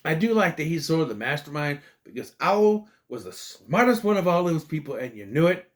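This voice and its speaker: A man's voice: a little high, very animated, fairly quick. A man giving a casual spoken movie review, ranting in an exasperated way, swearing and rambling with restarts and stammers.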